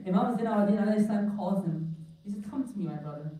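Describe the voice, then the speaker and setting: Dark-voiced man preaching in an echoey hall. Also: high-pitched, lively intonation, rapid-fire. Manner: impassioned, retells quotes with pleading intensity. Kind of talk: mourning sermon, emotional storytelling. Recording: echoey hall, mic far off.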